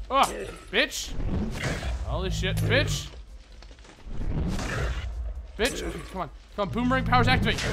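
Young male gamer, high voice, lively swings, profane trash talk, music underneath. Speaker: gaming video host. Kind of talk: casual let's play commentary.

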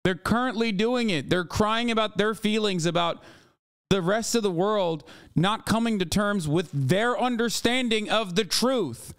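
A man's voice: sits high, a little slow, a bit bright, smooth, no room sound, studio quality. A man streaming a reaction to a debate clip, ranting in a heated, profane and sarcastic way at the clip and at his chat. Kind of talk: heated livestream reaction commentary.

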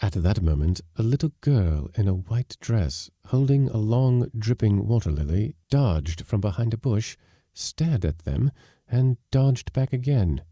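A man narrating a short story in a measured, calm reading. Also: lowish voice, dry recording, clean studio sound.

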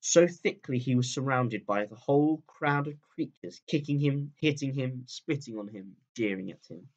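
A male teacher reading a chapter of a children's book aloud in a calm, steady storytelling voice that drops low at the ends of sentences. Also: normal speed, lo-fi sound.

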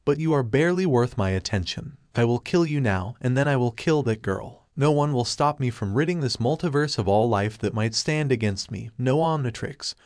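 A man's voice: medium pitch, expressive, moderate pace, hardly any pauses, a little mellow, dry recording, studio quality, natural voice. A man voicing a ruthless alien male warlord in a fan fiction reading, speaking in menacing, formal threats. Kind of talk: fan fiction read aloud.

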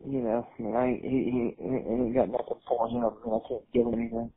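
A man's voice: medium pitch, big pitch swings, fast, gravelly, husky, no echo. A young man on a recorded phone call, frustrated and defensive, swearing as he talks. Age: young adult. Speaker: son on a jail phone call. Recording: tinny jailhouse phone line.

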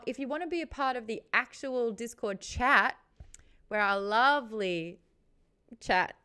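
A woman's voice: medium pitch, lively intonation, bright, forceful tone, clear, resonant tone. Chatty Australian woman hosting a stream. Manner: chatty, quick asides and laughs. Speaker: host of a book club stream. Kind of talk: casual livestream chat.

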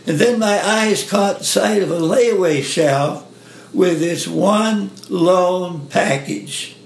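A man with a high, gravelly voice reads a first-person story aloud slowly and gently. The recording has a roomy echo.

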